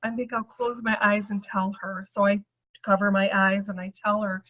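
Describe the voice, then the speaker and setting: A woman's voice: medium pitch, level tone, normal speed, highs cut off. A middle-aged woman giving a chatty personal testimonial to an audience, acting out the voices she quotes.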